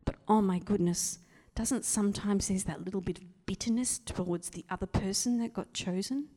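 A woman preaches a sermon, her voice at a mid pitch carried by the long reverb of a hall. She animates the scripture story with acted-out voices and sinks to a whisper for emphasis. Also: moderate pace, warm tone.

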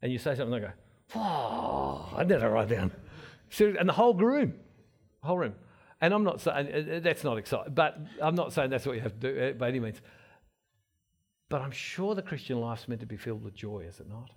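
A husky-voiced man gives an informal sermon-style talk at an ordinary middle pitch. He rambles through stories and restarts often. His voice swings between loud bursts and soft asides. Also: big pitch swings, fast. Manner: rambling storyteller, many restarts.

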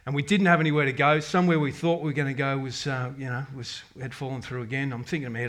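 A man's voice: mid-range voice, fast talker, few pauses, a bit bright. A middle-aged man, giving a rambling, candid personal faith testimony to his congregation, full of restarts and quoted prayers. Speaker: parish member giving a testimony.

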